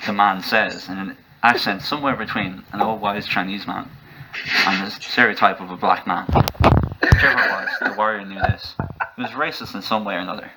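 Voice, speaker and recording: Bright-voiced man narrating a mock-epic tale. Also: on the low side, moderate pace, slight background noise, rough recording. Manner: mock-epic deadpan, laughing through lines. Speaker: storyteller. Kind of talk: comedic story narration.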